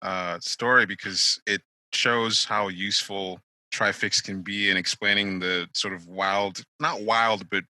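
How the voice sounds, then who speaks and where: A man hosting a talk podcast who explains things and steers the conversation. His voice is very deep but cuts through with a bright, forceful tone. It sounds dry and close. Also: fairly even intonation, a little slow, hardly any pauses, no echo, poor audio. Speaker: podcast host. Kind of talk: casual chat.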